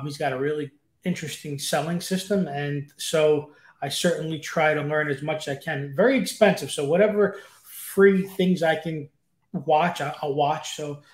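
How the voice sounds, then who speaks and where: A man as an interview guest, chatting eagerly and rambling with lots of fillers. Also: on the high side. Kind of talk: casual interview chat. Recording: roomy echo.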